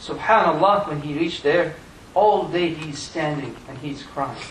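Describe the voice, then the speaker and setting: A fairly high-voiced man delivers an impassioned sermon, his voice surging up on key points. He is picked up from a distance in a reverberant prayer hall. A faint rumble sits under the sound. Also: unhurried. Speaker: imam giving Friday sermon. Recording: echoey room miked from a distance.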